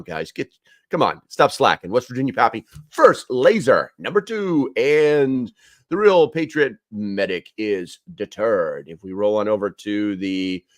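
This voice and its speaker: A man's voice: fairly low pitch, expressive, normal speed, no echo, clean studio sound. A man hosting a casual live stream, rambling with many fillers as he chats with viewers.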